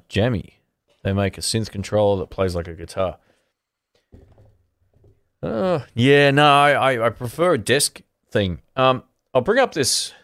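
Man, guitar channel host, casual livestream chat, rambling, easygoing, low-ish voice, dry sound. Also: dry recording. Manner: rambling, restarts sentences, easygoing.

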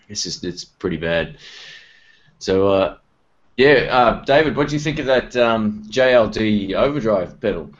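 A man's voice: lowish voice, lively intonation, takes it slowly, pauses often, lo-fi sound. An Australian man hosting a casual online guitar chat, laid-back and self-deprecating, with plenty of fillers.

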